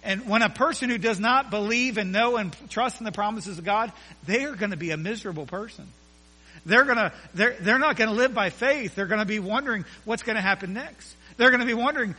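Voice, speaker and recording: A man with a high, bright, forceful voice preaches a sermon, driving his points home with repeated phrases and sudden drops to a hushed tone. His voice rings out with a long reverb in a church hall. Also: a little fast, husky.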